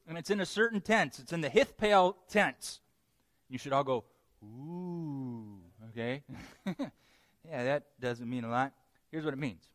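A man delivers a sermon in a fairly high voice. He teaches with lively humor and plenty of playful asides. The sound is close and dry, with no room around it. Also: dry recording. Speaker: pastor.

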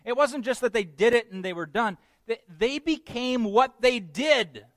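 A man delivers a sermon in a fairly high voice. He teaches with lively humor and plenty of playful asides. The sound is close and dry, with no room around it. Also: a little slow, no room sound. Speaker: pastor.

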